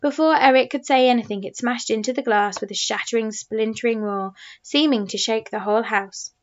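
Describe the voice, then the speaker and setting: A woman reading a children's storybook aloud in a steady, expressive narrating voice. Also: a little high, brisk. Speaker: audiobook narrator. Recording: slightly muffled recording.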